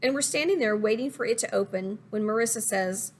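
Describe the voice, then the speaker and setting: A woman reading a first-person story aloud in an even, conversational storytelling manner. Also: a little high, fairly quick, a little hiss or hum. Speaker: audiobook narrator.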